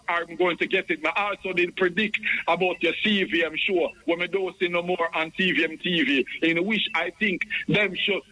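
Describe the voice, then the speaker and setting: A man's voice: sits high, sharp tone, poor audio. A man with a Jamaican accent calling in to a radio show, rambling and stammering over repeated words. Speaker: caller. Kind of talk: call-in radio chat.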